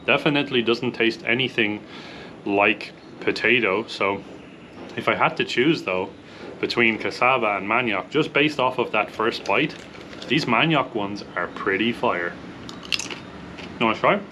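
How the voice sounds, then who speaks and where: A man's voice: mid-range voice, measured pace, bright, forceful tone, a little hiss or hum. A young Irish man hosting a casual vlog, upbeat as he tries snacks and rates them out of ten. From Ireland. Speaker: vlog host.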